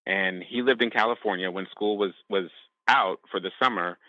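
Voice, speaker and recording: Deep-voiced man, halting and reflective. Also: dry recording, muffled recording. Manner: halting and reflective, with frequent restarts. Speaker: podcast guest. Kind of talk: personal testimony in a podcast interview.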